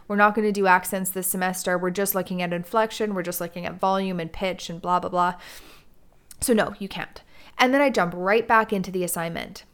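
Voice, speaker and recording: A woman from Canada, a drama teacher, giving a measured and earnest talk about teaching and student relationships. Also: mid-range voice.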